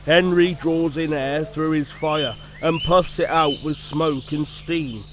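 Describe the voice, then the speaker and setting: A man doing a calm good-humoured engine driver. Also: a little high, slow pace. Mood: calm, explaining. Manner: steady, explaining, confident. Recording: music playing under the voice.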